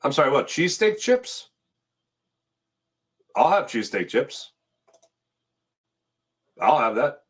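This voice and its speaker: A man's voice: medium pitch, unhurried, long pauses. A man hosting a sports talk stream, chatting casually as he reads out viewer comments and sponsor spots. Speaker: sports show host. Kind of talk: casual live-stream chat reading comments.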